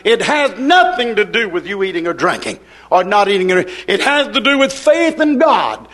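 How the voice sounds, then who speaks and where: A man preaching a sermon in an emphatic, repetitive cadence, breaking into shouts. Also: high-pitched, very animated, moderate pace.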